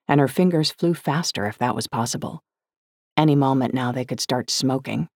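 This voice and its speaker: A woman's voice: extremely low pitch, normal speed, a little mellow, dry recording. A woman narrating a first-person audiobook with wry, dry humour.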